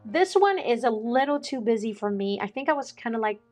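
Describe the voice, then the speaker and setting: A woman, chatting casually as a vlogger, excitable and quick to laugh. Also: a little high, faint music behind. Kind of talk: casual chat.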